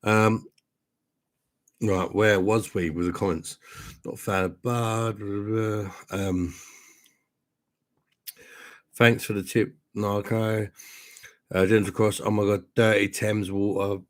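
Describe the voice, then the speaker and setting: A man's voice: fairly low pitch, fairly even intonation, takes it slowly, pauses often. A tipsy man, chatting casually and rambling through a beer live stream at home, matey and swearing freely. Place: home room with sound panels.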